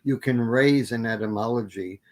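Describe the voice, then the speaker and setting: A man speaking at medium pitch and a moderate pace responds to questions after a guest lecture. His academic answer is long and rambling, with frequent self-corrections and fillers.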